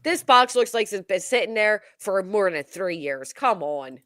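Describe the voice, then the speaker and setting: A woman's voice: mid-range voice, expressive, a little slow, fairly bright tone, no echo. A woman hosting a casual true-crime chat, outspoken and indignant as she reacts. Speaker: true-crime commentary host.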